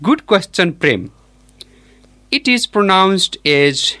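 A male teacher, giving a classroom pronunciation lesson and modeling each word slowly and deliberately. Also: fairly high pitch, sing-song, a bit bright. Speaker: English teacher.

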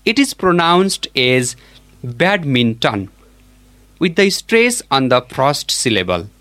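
Slow, deliberate male teacher. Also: on the high side, big pitch swings, pushed and bright. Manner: slow, deliberate, models each word aloud. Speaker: English teacher. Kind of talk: classroom pronunciation lesson.

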